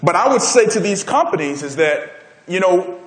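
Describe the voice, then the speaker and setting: A man's voice: high voice, normal speed, roomy sound. A man giving a motivational keynote speech at a conference, telling a story and getting the audience involved. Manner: energetic, storytelling, crowd-engaging. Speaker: keynote speaker. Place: conference hall.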